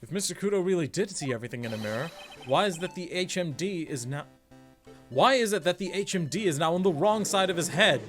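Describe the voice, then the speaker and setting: A man's voice: sits high, expressive, a little fast, fairly bright tone, voice pushed up. Man reading young lawyer, earnest, plain voice. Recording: game music behind the voice.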